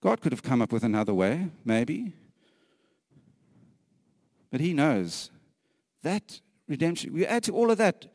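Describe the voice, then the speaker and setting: A man delivers a sermon at a very slow, deliberate pace, leaning on repeated phrases. He is earnest and emphatic, sometimes sinking to a hushed whisper and letting a light laugh slip between points. The sound is dry and close, with no room echo. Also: a little high. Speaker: preacher.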